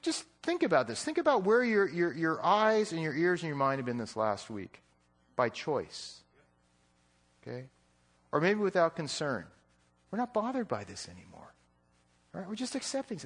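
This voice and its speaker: A man preaching a sermon in a conversational, joking way, often checking in with his listeners. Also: fairly high pitch. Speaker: pastor.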